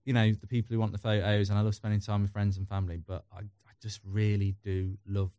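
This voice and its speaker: Fast-talking man, candid chat. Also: lowish voice, level tone, mellow, dry recording, clean studio sound. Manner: chatty, candid, rambling storyteller. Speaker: podcast guest, football YouTuber. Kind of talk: casual chat.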